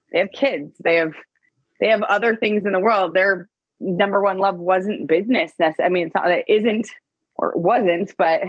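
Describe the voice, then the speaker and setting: A woman co-hosting a podcast in casual chat, an animated storyteller who acts out what others said. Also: mid-range voice, husky, no room sound, muffled recording. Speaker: podcast co-host.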